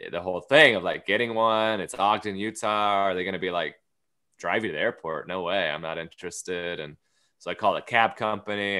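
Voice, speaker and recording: Man, low voice, bright and forceful tone, casual podcast storytelling, acts out dialogue. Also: clean tone. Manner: storytelling, acts out quoted lines. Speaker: guest comedian.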